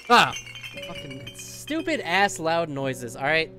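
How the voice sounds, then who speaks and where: Young guy cursing and joking through a scary game, slightly high voice, faint piano behind. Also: lively intonation, normal speed, fairly bright tone. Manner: profane, jokey, mock-tough. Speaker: gaming video host. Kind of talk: casual let's-play commentary. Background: faint game piano music.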